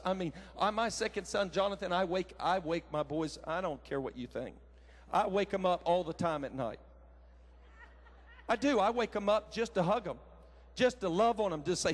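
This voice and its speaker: High-voiced preacher telling stories. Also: male voice, brisk. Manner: animated, folksy storytelling with shouted quotes. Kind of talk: sermon with personal story. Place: large conference hall.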